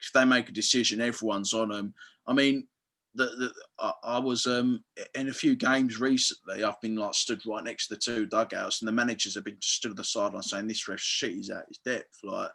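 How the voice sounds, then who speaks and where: A man, chatting casually on a podcast and telling animated football stories, swearing freely and acting out what people said. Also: fairly low pitch, a little fast. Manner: animated storyteller, swears freely, acts out quotes. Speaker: football fan guest.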